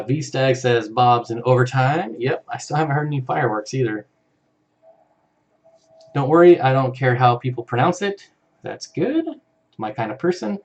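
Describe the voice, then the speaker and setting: An easygoing man with a mid-range, darkish voice hosts a live stream for an aquarium channel. He chuckles often while casually chatting and reading viewer comments aloud.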